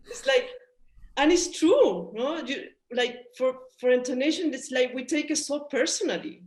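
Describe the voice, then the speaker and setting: A woman's voice: sits high, animated, moderate pace. A woman from Chile with a Chilean Spanish accent, a Spanish native speaker, chatting casually and often ending sentences with "no?". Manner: adds "no?" to sentences, hesitant restarts. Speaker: musician guest. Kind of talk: casual conversation. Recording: echoey room.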